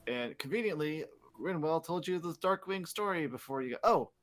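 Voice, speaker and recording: A man's voice: a little high, animated, normal speed. A man hosting a podcast, recapping in a rambling, casual way, swearing often and leaning on filler words. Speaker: podcast host. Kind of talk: casual chat.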